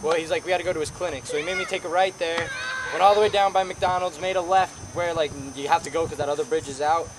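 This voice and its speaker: A man telling a lively story about driving with his grandfather, acting out the quotes. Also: a little high, fast talker, background noise. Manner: animated, acts out quotes. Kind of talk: casual storytelling. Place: outdoors at a graveside.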